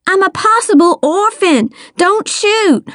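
A woman's voice: high voice, animated, moderate pace, a little mellow, dry recording, studio quality, pitched above the performer's own voice. A woman reading aloud, voicing a spunky young girl detective who shifts from frantic cries to a prim, professional tone. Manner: cries out, then primly professional. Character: spunky young girl sleuth, plucky and proper.

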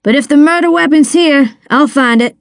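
A woman's voice: sits high, normal speed, no room sound, studio quality, voice pushed up. A woman reading aloud, voicing a muscular male deputy with a casual, drawling manner. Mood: easygoing. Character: brawny male deputy, easygoing and sure.

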